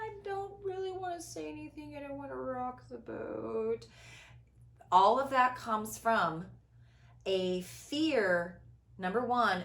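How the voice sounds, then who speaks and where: Woman, 50s, host, animated and dramatic delivery, crisp bright tone, echoey room. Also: medium pitch. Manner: expressive, theatrical, quick shifts between loud and hushed. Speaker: podcast host. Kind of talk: reflective conversational talk.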